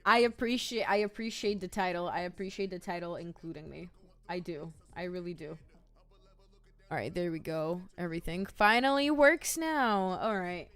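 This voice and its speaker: A woman's voice: lowish voice, normal speed, a bit bright, clean tone. A woman streamer chatting casually and rambling as she reads chat messages aloud.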